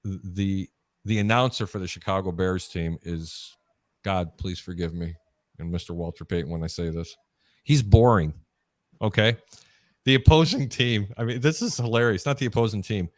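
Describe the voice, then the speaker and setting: A man's voice: low-pitched, normal speed, no echo, clean studio sound. A man hosting a live sports betting talk show, chatty and storytelling, mimicking announcers as he goes. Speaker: host.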